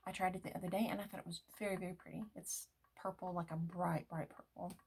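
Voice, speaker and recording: A middle-aged woman talking casually through her makeup routine, often dropping to a soft whisper. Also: fairly low pitch, fairly even intonation, fast talker, vocal fry, breathy edge. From United States. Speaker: beauty vlogger. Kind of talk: casual get-ready-with-me makeup talk.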